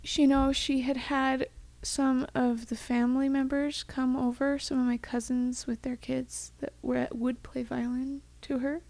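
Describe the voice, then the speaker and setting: A young woman co-hosts a podcast in a loose, rambling way, with plenty of fillers. Her voice sits a bit high, with a gravelly vocal fry running through it, and she sounds tender and close to tears. The recording is dry and close, with almost no room sound. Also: flat delivery, a little slow, few pauses, darkish tone, no echo. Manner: chatty, rambling with many "like"s. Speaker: podcast co-host. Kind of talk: casual chat.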